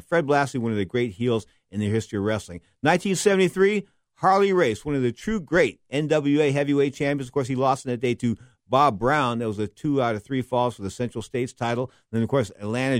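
A middle-aged man spins loose, rambling stories in a casual monologue, and he is lively about it, often stopping to fix a name he just stumbled on. His voice sits at a middling pitch and sounds dry and close, with no room around it. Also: no echo. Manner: rambling, animated, stops to correct names. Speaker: wrestling history podcast host.

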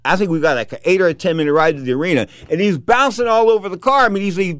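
An older man, a boxing announcer, telling an animated anecdote, repeating himself and acting out the people he quotes. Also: high voice, rapid-fire, smooth, no echo, studio quality. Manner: animated, repetitive, acts out quotes. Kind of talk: storytelling anecdote.

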